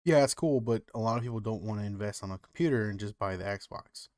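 A man's voice: on the low side, fast talker, a little mellow, dry recording, clean studio sound. Rambling man in casual chat. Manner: rambling, heavy use of "like" and "you know". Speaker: podcast co-host.

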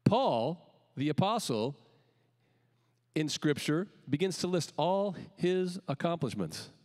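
A man preaching a sermon as pastor, calling out emphatic lines and then letting the ends drop quietly. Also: on the high side, sing-song, takes it slowly, in a large hall. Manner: emphatic preaching with rising calls and quiet dropped endings. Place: church sanctuary.

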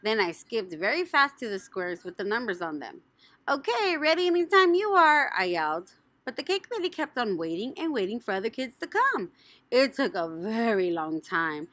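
A woman narrating a children's audiobook in an animated, playful way. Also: mid-range voice, normal speed, no room sound. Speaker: audiobook reader.

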